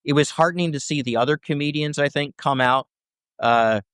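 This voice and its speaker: A man's voice: on the high side, fairly quick, fairly bright tone, clear, resonant tone, no room sound, clean studio sound. A man answering interview questions as a scholar, talking in long explanations and checking in with "right?" between points. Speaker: First Amendment scholar guest.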